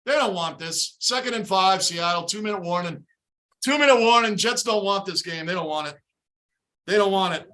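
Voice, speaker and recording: Frustrated male fan host, bright tense voice, shouted live play-calling rants. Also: sits high, lively intonation, normal speed. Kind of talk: live fan reaction commentary.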